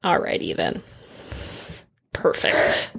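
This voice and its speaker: A woman from Oklahoma co-hosting a podcast in casual chat, with wry, deadpan asides. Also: slow pace, no room sound, clean studio sound. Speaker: podcast co-host.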